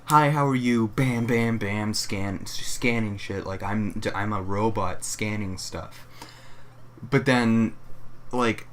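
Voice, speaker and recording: A man's voice: fairly low pitch, steady tone, slow pace. A young man co-hosting a casual chat, ranting profanely about customers and acting them out in mock voices. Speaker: co-host. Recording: faint background noise.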